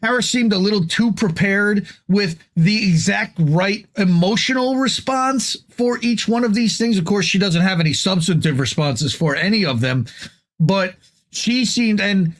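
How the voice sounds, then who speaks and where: A man co-hosts a political commentary show. He talks in a measured, hedging way with a voice that sits high for a man, and he often restarts his sentences.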